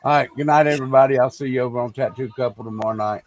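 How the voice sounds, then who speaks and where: A man's voice: mid-range voice, fairly even intonation, very fast. A man co-hosting a casual livestream, trading crude jokes in a drawling, bantering way. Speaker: livestream co-host.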